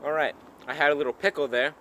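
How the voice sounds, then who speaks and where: A man's voice: fairly high pitch, steady tone, fast, very noisy. A young man from the US, a vlogger telling a rambling comic story in a mock-serious tone, recording himself outdoors on a handheld camera. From United States. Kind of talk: comedic storytelling vlog. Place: outdoors on a trail in woods.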